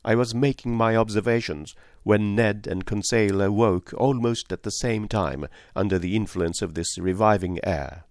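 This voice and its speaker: Man, audiobook narration, low pitch, measured, formal, dry studio sound. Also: no echo. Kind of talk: scripted first-person narration.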